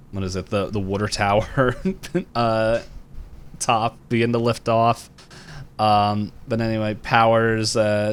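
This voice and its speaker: Smooth low-voiced man, rambling recap. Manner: rambling retelling with many fillers and quick character quotes. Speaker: podcast co-host recapping a cartoon episode. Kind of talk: casual chat.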